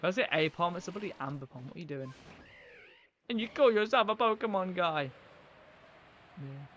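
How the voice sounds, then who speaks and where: A man's voice: sits high, expressive, moderate pace, fairly bright tone, muffled recording, a little hiss or hum. Chatty gamer man on a live stream. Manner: rambling, chatty, talks to viewers while playing. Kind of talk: casual live-stream gameplay chat.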